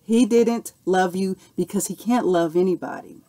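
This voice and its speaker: A woman's voice: medium pitch, moderate pace, mellow. A woman, telling a personal story and answering viewer questions in a casual, earnest way, often saying "okay" and "you know". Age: 40s. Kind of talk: casual Q&A monologue.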